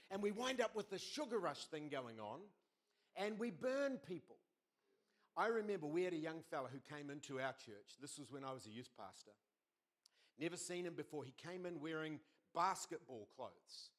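A middle-aged man preaching a sermon as pastor, telling stories with lively quoted voices. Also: fairly high pitch, moderate pace. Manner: animated storytelling with quoted voices.

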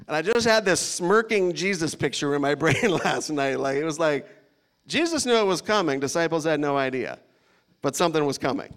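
A man preaches in a relaxed, conversational way, reading scripture aloud and stepping away from it for playful asides. His voice sits high for a man, and he laughs lightly now and then as he talks. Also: fairly quick, clear, resonant tone. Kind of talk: casual sermon with scripture reading.

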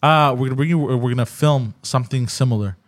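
A man's voice: medium pitch, quick pace. A man hosting a podcast in a casual chat, joking and laughing often. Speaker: podcast host.

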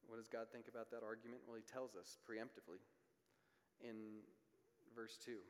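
A man's voice: on the low side, level tone, moderate pace. Earnest male preacher in a reverberant hall. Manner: earnest, builds intensity on key points, drops to quiet asides. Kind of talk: sermon.

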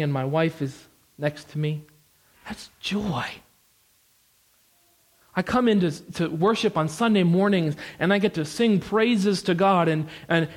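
Preaching with energy and emphasis, this young man from the United States repeats phrases and drops in offhand asides. He has a high voice.

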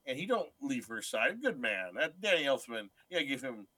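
A man with a bright, forceful voice co-hosts a movie podcast with a wisecracking streak. His voice sounds close and dry, and he riffs in mock voices on the films. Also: mid-range voice, very animated, moderate pace, no echo. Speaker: podcast co-host. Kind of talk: casual movie review chat.

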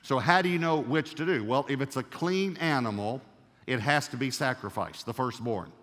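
A man preaching from the pulpit, reading scripture aloud and hammering his main points by repeating them. His voice sits at an ordinary middle pitch for a man. The sound carries the long reverb of a large church hall. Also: expressive, moderate pace, a bit bright. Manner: emphatic, repeats key phrases, reads scripture aloud. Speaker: pastor. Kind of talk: sermon.

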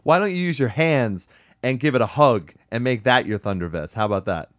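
A man's voice: medium pitch, animated, fairly quick, no echo, clean studio sound. Profane sarcastic man ranting about movies. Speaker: podcast host. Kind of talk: casual movie-review banter.

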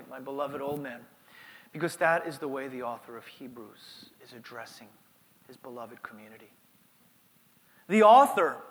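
A man's voice: high-pitched, a bit bright, long reverb tail. A middle-aged man from New York preaching a sermon as pastor, earnest and repeating words as he builds up. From New York, United States.

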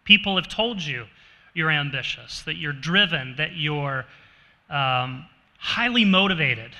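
A man's voice: on the high side, lively intonation, measured pace, sharp tone. A man preaching a sermon in a conversational way, asking his congregation questions. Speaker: pastor. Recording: reverberant hall.

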